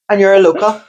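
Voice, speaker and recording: A woman's voice: mid-range voice, darkish tone. A woman co-hosting a podcast, telling chatty stories about her weekend in casual conversation. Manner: chatty storytelling. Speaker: podcast co-host. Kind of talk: casual chat.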